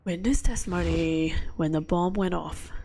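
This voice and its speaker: A woman's voice: on the low side, normal speed. A woman streamer making casual, chatty asides while playing a game, with game music behind. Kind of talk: casual gameplay commentary.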